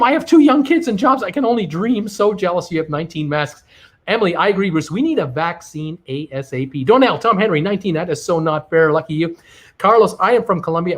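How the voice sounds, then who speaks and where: A middle-aged man with a slightly higher-than-usual voice hosts a casual live stream. He reads viewer comments aloud one after another and answers them with quick, chatty asides. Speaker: livestream host reading viewer chat.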